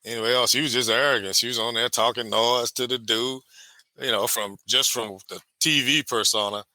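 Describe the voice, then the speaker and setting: Bright-voiced man telling a story. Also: mid-range voice, brisk, no echo. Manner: storytelling, animated retellings with quoted voices. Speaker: podcast co-host. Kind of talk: casual chat.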